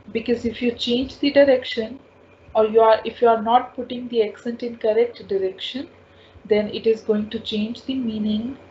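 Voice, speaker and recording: A slightly high, slightly mellow female voice leads a slow spoken French lesson, repeating each word and sound patiently several times. The recording is dull and lo-fi, with faint noise in the background.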